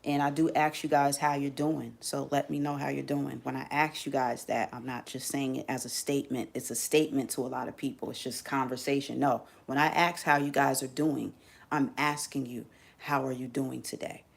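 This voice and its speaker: A woman chatting casually to her viewers on a livestream, animated and slangy. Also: rumbling low, a little fast, creaky. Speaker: live streamer.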